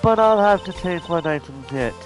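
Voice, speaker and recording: A man's voice: high-pitched, animated, normal speed, over music. A man voicing a haughty female prosecutor. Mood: imperious. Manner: imperious, scolding. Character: haughty young female prosecutor, proud and severe. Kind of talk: fan reading of a game script.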